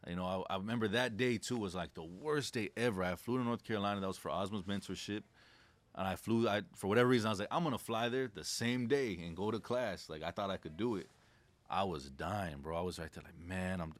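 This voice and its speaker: A young man speaking as a podcast guest, laid-back and reflective, telling stories in casual slang. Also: deep voice. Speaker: podcast guest, credit specialist. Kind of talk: casual conversation.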